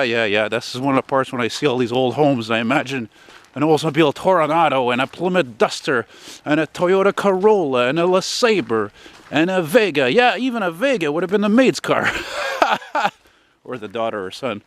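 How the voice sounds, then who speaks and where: A man's voice: a little high, expressive, normal speed. A middle-aged man from Canada, narrating a casual walking vlog outdoors on a residential street, chatting and rambling with a nostalgic streak and the odd curse. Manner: rambling, chatty, wistful, sprinkled with swearing. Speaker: vlogger.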